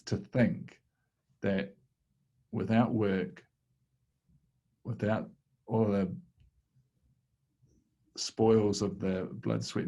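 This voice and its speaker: A man hosting a casual podcast conversation, reflective and halting, with frequent restarts. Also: fairly low pitch, mellow. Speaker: podcast host.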